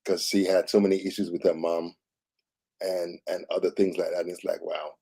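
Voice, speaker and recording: Deep-voiced, mellow male co-host. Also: normal speed, slightly rough. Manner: relaxed, conversational, occasional stammering restarts. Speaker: morning show co-host. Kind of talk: casual talk-show commentary.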